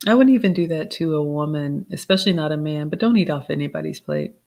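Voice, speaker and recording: A middle-aged woman, hosting a live Q&A, reading out chat comments and giving gentle advice in a casual tone. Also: deep voice, sing-song, quick pace. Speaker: livestream host answering chat questions.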